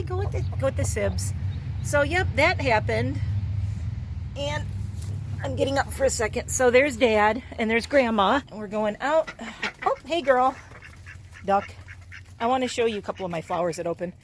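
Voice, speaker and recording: A woman gives a chatty backyard tour, talking straight to a handheld camera at a moderate pitch. She coos and baby-talks at her little chicks between excited explanations. The outdoor recording carries a faint hiss with hens clucking nearby. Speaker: homestead vlogger. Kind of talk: casual vlog tour.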